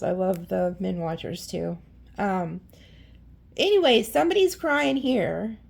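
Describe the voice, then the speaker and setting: Woman tarot reader, casual and blunt, raspy with vocal fry; rambles and curses freely. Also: lowish voice, darkish tone. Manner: chatty and blunt, swears freely; rambling, with frequent restarts.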